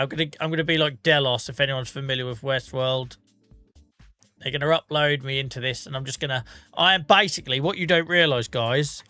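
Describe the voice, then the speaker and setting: A man chats his way through a gaming livestream, answering viewers' messages with easy, self-mocking humour. His voice has a bright, forward tone. It sounds close-miked and dry, with faint music underneath. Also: mid-range voice, no echo. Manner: chatty, self-mocking, reads out viewer comments. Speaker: livestream host. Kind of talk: casual chat with viewers while gaming.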